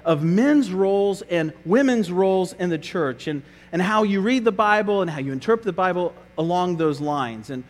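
A man's voice: high-pitched, normal speed, few pauses, in a large hall. A man preaching a sermon as pastor, earnest and conversational, often repeating his words as he goes.

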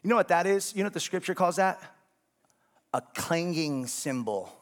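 A man's voice: sits high, expressive, normal speed. A man preaching a sermon as pastor, speaking conversationally and often checking whether the congregation is following.

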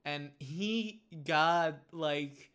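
Slightly higher-voiced podcast host. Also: male voice, fairly bright tone, clean tone. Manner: chatty, quick to laugh. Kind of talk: casual podcast conversation.

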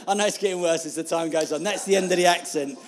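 A man preaches in a loose, conversational way. His voice sits a little high for a man, and he keeps laughing through self-deprecating asides. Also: fairly quick. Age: 50s. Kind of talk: informal sermon.

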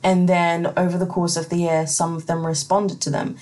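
A woman's voice: on the low side, level tone, moderate pace, darkish tone. A woman hosting a casual solo podcast, chatty and profane, laughing often as she reads out listener questions. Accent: non-American accent. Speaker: podcast host.

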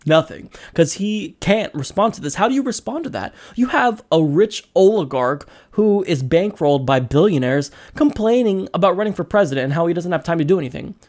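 A man with a slightly high voice talks as a podcast host. His commentary is casual and animated, and he leans hard into sarcasm between quick asides.

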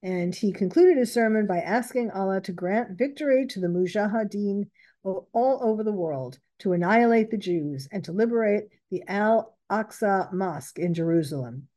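A woman's voice: mid-range voice, normal speed, mellow. A woman commenting on news reports, reading out quotes and stopping to correct herself.

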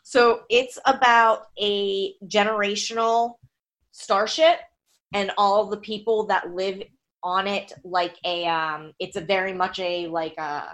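A woman's voice: mid-range voice, steady tone, slow, fairly bright tone. Chatty American woman, casual podcast. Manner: chatty, laughs easily, many restarts. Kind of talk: casual chat.

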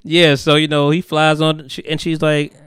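Brief: man hosting a podcast, animated storyteller, smooth clean voice, dry close sound. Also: on the high side, moderate pace, no echo. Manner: animated storyteller, profane slang, acts out quotes. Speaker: podcast host. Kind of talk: casual chat, recapping a TV episode.

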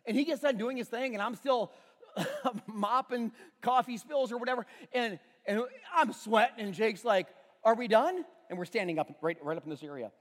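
Animated man preaching in a big reverberant hall. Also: very high-pitched, normal speed. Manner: storytelling, self-deprecating humor, animated. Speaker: pastor. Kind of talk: sermon. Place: church auditorium.

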